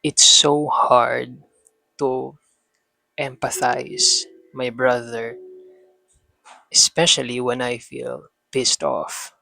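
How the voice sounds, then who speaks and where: A man's voice: medium pitch, little pitch movement, drawn-out words, gravelly, long pauses, bright, forceful tone, no echo, full character voice, low-quality recording. A man playing a frustrated son talking to dad. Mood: pleading. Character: frustrated young son pleading with his dad.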